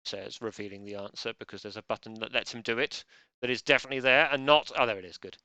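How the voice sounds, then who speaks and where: A man's voice: mid-range voice, fairly even intonation, fast, bright, forceful tone, no room sound. A man hosting a live online quiz, joking drily and rambling. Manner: dry, rambling, self-deprecating jokes. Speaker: quiz host.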